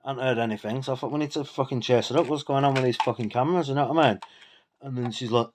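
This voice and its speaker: A man rants straight to camera, a few drinks in. His voice sits at an ordinary middle pitch. He rambles, swears freely and sounds indignant throughout. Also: fast talker, darkish tone. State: tipsy from drinking. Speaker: vlogger. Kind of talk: ranting casual monologue.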